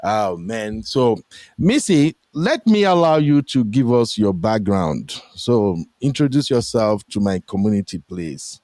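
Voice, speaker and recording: Lively Nigerian man hosting a chat. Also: unhurried, dry recording, studio quality. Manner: animated, pitch jumps when quoting people. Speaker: host. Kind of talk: casual chat. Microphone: streaming headset mic.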